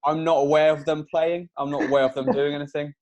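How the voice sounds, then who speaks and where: A man's voice: fairly high pitch, level tone, fast talker, lo-fi sound, a loud crowd. A young man, co-hosting a casual podcast, telling a story and chuckling along the way. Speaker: podcast co-host. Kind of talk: casual chat.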